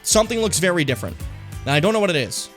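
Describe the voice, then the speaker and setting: A young man on a casual stream, rambling and swearing as he mocks himself. His fairly high voice leaps all over its range, over faint background music. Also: sing-song, racing, fairly bright tone. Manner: rambling, profane, self-mocking.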